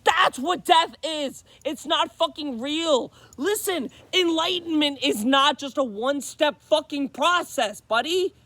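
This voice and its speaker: Loud, intense, swearing spiritual vlogger. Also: sits high, expressive, measured pace, hardly any pauses, dry recording. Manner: loud, intense and profane, repeating phrases; slangy, calls the listener bro and buddy. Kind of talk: impassioned spiritual monologue.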